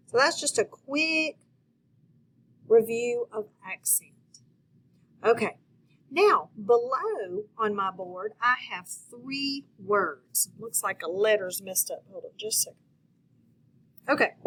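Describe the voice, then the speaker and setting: Slow, patient teacher woman with a bright voice. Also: on the high side, husky, low-quality recording. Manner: slow, patient, encouraging, talks to viewers directly. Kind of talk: phonics lesson for children.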